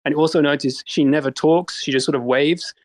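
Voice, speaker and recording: A man from England joking in a deadpan, mock-serious way in an online audio chat. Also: a little high, fairly quick.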